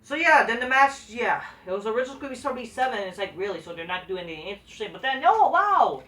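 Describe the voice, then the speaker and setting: A woman's voice: mid-range voice, very fast, bright, forceful tone. A woman giving a profane, sarcastic rant as a wrestling show reviewer. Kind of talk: ranting video review. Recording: roomy, distant from the mic.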